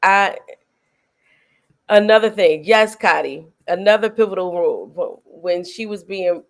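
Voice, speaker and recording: A middle-aged woman hosting a casual film review chat, retelling scenes with animated energy and frequent laughter. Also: mid-range voice, takes it slowly, pauses often. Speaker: host.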